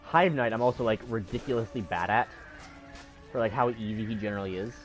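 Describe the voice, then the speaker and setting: A man's voice: on the low side, brisk, soft background music. A male streamer giving live gameplay commentary, rambling and self-critical about his own mistakes.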